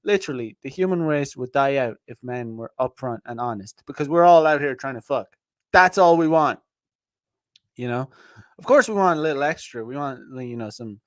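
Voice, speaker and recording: A man's voice: medium pitch, dry recording, studio quality. A man hosting a podcast, talking in a blunt, profane, rambling way with many restarts and fillers. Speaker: podcast host. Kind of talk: casual livestream monologue.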